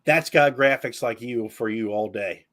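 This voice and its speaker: A man's voice: medium pitch, normal speed, fairly bright tone. A man hosting a casual podcast chat, telling stories with animation and swearing freely. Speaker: podcast host.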